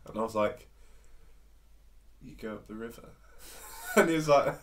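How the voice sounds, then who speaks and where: A man's voice: mid-range voice, normal speed, recorded from a distance. A man on a casual podcast, telling an anecdote and laughing mid-sentence.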